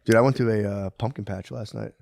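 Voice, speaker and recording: A man's voice: fairly low pitch, fairly even intonation, fast talker, creaky, a little mellow, dry recording. A man co-hosting a podcast in casual banter, rambling loosely, swearing often and laughing a lot. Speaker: podcast co-host.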